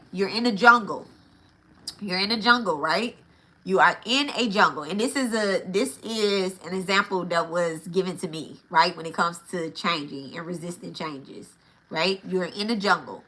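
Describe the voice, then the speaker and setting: Woman, spiritual teacher, bright ringing voice, casual and profane, repeats herself for emphasis. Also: fairly low pitch. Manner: blunt and profane, with frequent checks of "right?" and "okay?"; repeats key phrases for emphasis.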